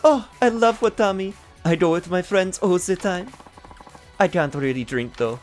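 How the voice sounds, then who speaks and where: A man's voice: high voice, moderate pace, soft background music, pitched above the performer's own voice, close to an everyday voice. A man voicing a cheerful, polite young woman who works as a club hostess, reading game dialogue aloud. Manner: sweet and polite.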